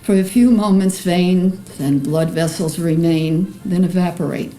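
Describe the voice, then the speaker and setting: An older woman with a Bronx accent, an artist reading a personal memoir aloud in an earnest, emotional, measured way. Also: fairly low pitch, warm tone, soft background music, rough recording. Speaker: artist presenting her paintings.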